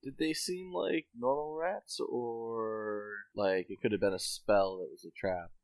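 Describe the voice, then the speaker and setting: A man playing a tabletop role-playing game, stating his moves and asking tactical questions deliberately. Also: lowish voice, a little mellow, no room sound. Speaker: player.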